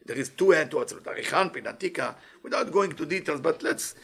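High bright-voiced male teacher. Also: fast talker, gravelly, breathy edge. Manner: animated, repeats rhetorical questions; mixes Hebrew phrases into English. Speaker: Kabbalah teacher. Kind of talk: weekly Torah lesson.

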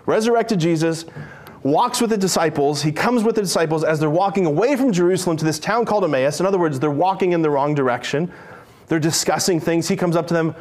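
A man preaching a lively sermon, playful and animated, acting out characters in his stories. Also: fairly high pitch, quick pace.

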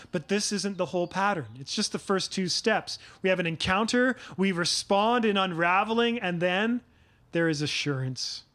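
A middle-aged male pastor delivers a sermon in a fairly high voice. He speaks earnestly and at a measured pace, pausing on key phrases and putting questions to his congregation. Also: a bit bright.

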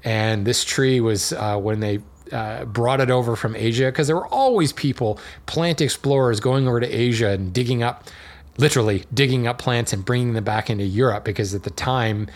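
A man's voice: mid-range voice, moderate pace. Chatty, rambling male podcast host. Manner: chatty and digressive, with fillers and small laughs. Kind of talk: casual educational monologue.

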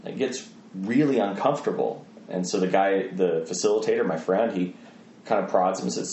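Guy with a lowish voice telling animated stories, echoey room with faint noise. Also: fairly quick. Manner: animated storyteller, acts out quoted voices. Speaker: guest, missionary trainer. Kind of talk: conversational interview storytelling.

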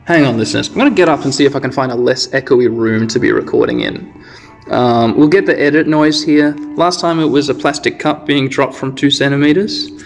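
Gravelly man narrating a game casually. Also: medium pitch, a little fast, soft background music. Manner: rambling, relaxed, self-correcting. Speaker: podcast host narrating gameplay. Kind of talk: casual sleep-podcast narration. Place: side entrance of a half-built house.

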